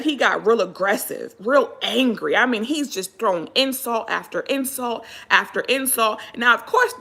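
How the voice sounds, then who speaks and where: A woman from Pennsylvania giving casual, exasperated commentary on a livestream and greeting viewers as she talks. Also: medium pitch. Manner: animated, exasperated, greets viewers mid-rant. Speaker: livestream host.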